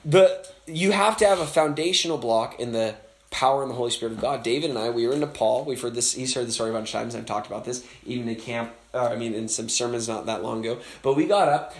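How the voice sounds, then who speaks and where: Animated pastor telling stories in a roomy echo. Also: male voice, mid-range voice, quick pace. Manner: animated, acts out voices in his stories, many fillers. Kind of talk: casual storytelling sermon. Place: speaking at a camp.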